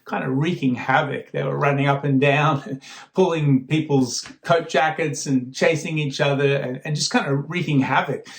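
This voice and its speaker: A man's voice: a little high, fairly even intonation, moderate pace, creaky. Man, guest preacher, chatty sermon, restarts and fillers, echoey room. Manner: conversational, warm storytelling with frequent fillers and repeated starts. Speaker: guest speaker.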